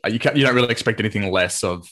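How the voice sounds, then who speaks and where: A man co-hosting a podcast, chatting casually in a rambling, relaxed way and laughing often. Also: on the low side, rapid-fire. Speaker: podcast co-host. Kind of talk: casual chat.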